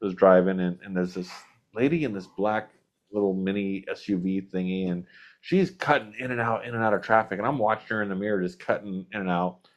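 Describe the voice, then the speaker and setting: Podcast host, male, low voice, rambling storyteller, dull lo-fi sound. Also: brisk. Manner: rambling anecdotal storyteller, chuckles. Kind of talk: casual podcast chat.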